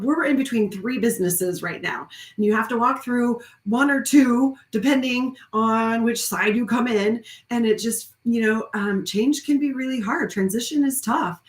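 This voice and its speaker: A woman who leads a wellness studio, giving a heartfelt, effusive live-streamed talk that rambles with restarts. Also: fairly high pitch. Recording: roomy echo.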